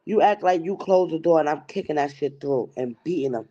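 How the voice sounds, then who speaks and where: A woman's voice: low-pitched, brisk, a crowd in the background. Woman ranting New livestream host. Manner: profane, heated ranting, mocking voices. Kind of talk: livestream rant. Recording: dull lo-fi stream audio.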